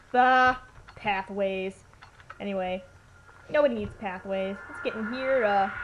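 Playful woman with a noisy mic. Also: on the high side. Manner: playful, chatty, joking asides. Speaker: let's play commentator. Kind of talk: casual gameplay commentary. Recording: noisy home recording with hiss.

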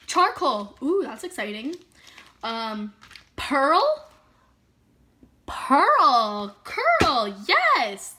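High-voiced bubbly woman vlogger. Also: sing-song, very slow, pauses often, pushed and bright. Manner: bubbly, dramatic reactions, lots of "like". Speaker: beauty vlogger. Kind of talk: casual haul video chat.

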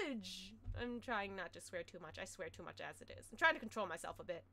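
A woman streamer chatting casually to her viewers through a headset mic, excitable and quick to loudly exclaim and complain. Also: medium pitch, creaky. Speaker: game streamer. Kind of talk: casual live-stream chat.

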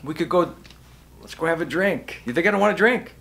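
A man's voice: a little high, lively intonation, fairly quick, gravelly, a bit bright. A man vlogging straight to camera about his podcast, emotional and imploring, raising his voice now and then. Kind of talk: casual direct-to-camera vlog. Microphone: camera facing him.

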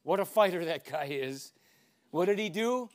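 Emphatic older man lecturing, high-pitched. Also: animated. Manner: emphatic, declamatory speaking with dramatic pauses. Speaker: speaker.

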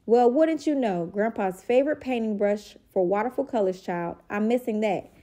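A woman's voice: medium pitch, normal speed, dark tone, natural voice. Woman doing a folksy old grandpa. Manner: folksy, quaint phrasing. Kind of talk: picture-book read-aloud.

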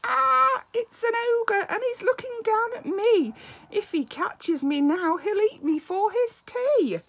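A small male monster who insists he is scary and gruff, as a woman reading aloud puts him on. His voice swings up and down and sounds husky, and he drags out his demands slowly. It is a storybook voice for a child. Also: medium pitch, sing-song, heavily acted. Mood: frightened.

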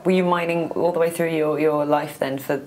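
Woman interviewer, deep voice, joking little questions, faint noise behind. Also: steady tone, moderate pace, darkish tone. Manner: playful, brief prompts and quips. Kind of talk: casual interview.

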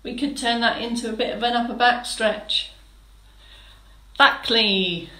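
A woman fitness instructor with a fairly high voice leads a live-streamed exercise class. She chats, greets viewers one by one and gives encouraging step-by-step cues. The sound bounces around an echoey room. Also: steady tone, unhurried, pushed and bright, a little hiss or hum. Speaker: fitness instructor for older adults.

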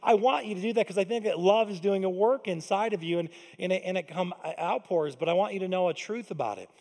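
High-voiced preaching man in a reverberant hall. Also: fast, gravelly, darkish tone. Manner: conversational, emphatic preaching with rising calls to the audience. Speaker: pastor. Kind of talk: sermon. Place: church auditorium.

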